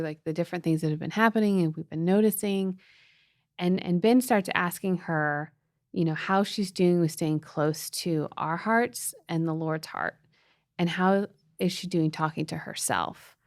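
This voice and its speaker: A middle-aged woman shares a heartfelt family story in an earnest, emotional voice and often restarts her sentences. Her voice sits a little low for a woman. She is recorded close and dry. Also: a little mellow, dry recording. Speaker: podcast co-host, mother. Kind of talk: casual storytelling chat.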